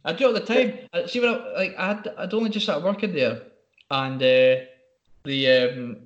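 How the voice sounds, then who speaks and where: A man's voice: on the high side, steady tone, moderate pace, echoey room, lo-fi sound. A Scottish man in casual chat, telling stories with slang and laughter.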